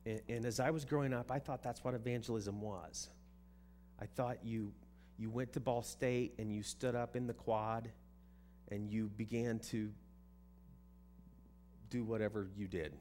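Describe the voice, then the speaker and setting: A man's voice: fairly low pitch, fairly even intonation, unhurried, a little mellow, a little hiss or hum. A man preaching a sermon in a conversational way, often repeating words as he restarts a thought. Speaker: pastor.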